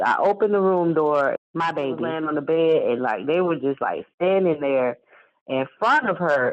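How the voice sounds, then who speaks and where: Rambling woman telling a story, lo-fi. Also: low voice. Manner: rambling, repeats words, many fillers. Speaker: guest. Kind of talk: personal story told in conversation. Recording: dull lo-fi sound.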